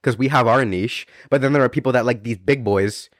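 A man's voice: medium pitch, a little fast, no echo, studio quality. A young man co-hosting a podcast, chatting casually in a teasing, slangy way. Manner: teasing, slangy, says bro a lot. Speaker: co-host.

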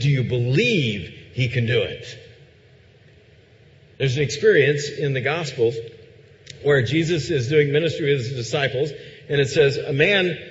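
A man preaching a sermon, asking rhetorical questions and moving between loud emphasis and quiet, intense passages. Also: on the high side. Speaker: pastor. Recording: dull sound with long hall reverb.

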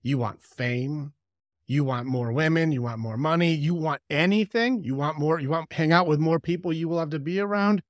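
A man voicing a smooth, flattering male devil who coaxes and tempts, as an impression during a casual conversation. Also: a little high, normal speed, dry recording, studio quality, voice pushed up, close to an everyday voice. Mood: tempting. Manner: coaxing, persuasive, upbeat. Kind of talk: storytelling impression in casual chat.

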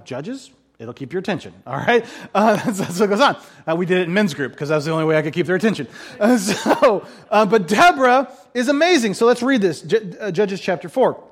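A man, a pastor, preaching a casual sermon full of jokes, chatty and self-interrupting, acting out quick voices for laughs. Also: high voice.

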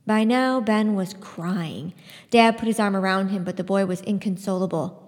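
A woman hosts a book podcast and narrates with lively storytelling emphasis. Her voice sits at a middle pitch. A long reverb trails behind her, as if recorded in a hall. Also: normal speed. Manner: expressive storytelling. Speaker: podcast host. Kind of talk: book review and reading aloud.

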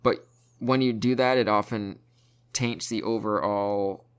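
A man's voice: lowish voice, steady tone, a little slow, smooth. A young man co-hosting a casual gaming chat, making wry, dry asides. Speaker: podcast co-host.

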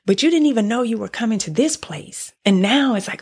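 A woman's voice: mid-range voice, lively intonation, a little fast, creaky, hardly any pauses, slightly rough. A woman hosting a podcast, giving an earnest devotional teaching and telling a story expressively, often restarting her phrases. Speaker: podcast host teaching on faith.

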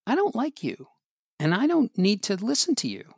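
A man's voice: high voice, wildly swooping pitch, moderate pace, gravelly, a little mellow, no echo, studio quality, pitched above the performer's own voice, full character voice. A man playing an anxious boy in a parenting role-play, speaking in a stammering, upset way. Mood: defiant. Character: anxious boy dreading a party.

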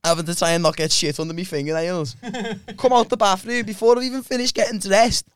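A man's voice: high-pitched, fairly even intonation, fairly quick, clean tone, no echo, clean studio sound. A man hosting a podcast, telling a crude rambling story in casual chat. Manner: rambling and crude, many restarts. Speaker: podcast host.

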